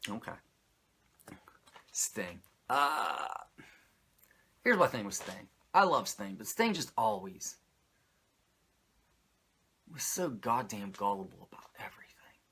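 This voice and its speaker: A man's voice: fairly low pitch, sing-song, slow, long pauses, pushed and bright, a little hiss or hum. A man hosting a podcast, recapping wrestling in a rambling, crude, jokey way. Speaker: podcast host reviewing wrestling. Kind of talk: casual profane recap.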